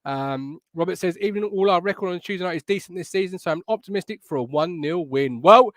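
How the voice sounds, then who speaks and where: A man's voice: high voice, brisk, a bit bright, dry recording. A man hosting a live fan podcast, chatty and upbeat as he reads out comments from the live chat. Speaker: podcast host.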